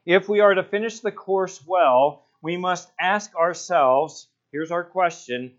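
Emphatic pastor preaching, lo-fi. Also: male voice, takes it slowly, hardly any pauses. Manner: emphatic, builds to loud passionate peaks then drops low. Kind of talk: sermon.

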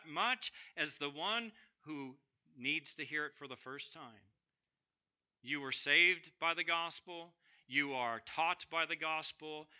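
A bright, forceful man preaching a sermon, his pitch sitting a little high. He swings between loud emphatic bursts and hushed drops. The recording sounds slightly dull and lo-fi. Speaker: pastor.

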